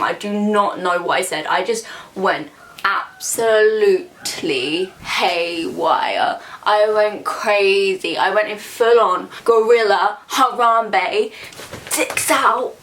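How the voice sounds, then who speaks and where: Young girl ranting a storytime vlog, loud and over the top, swears a lot. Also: medium pitch. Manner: animated, sweary, exaggerating for comic effect. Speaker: vlogger.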